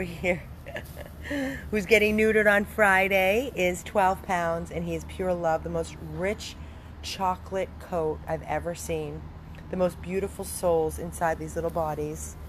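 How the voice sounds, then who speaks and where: A woman volunteering in dog rescue, talking casually and affectionately about the dogs she shows, with bursts of high-pitched baby talk. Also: slight background noise. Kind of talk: casual video narration with pet talk.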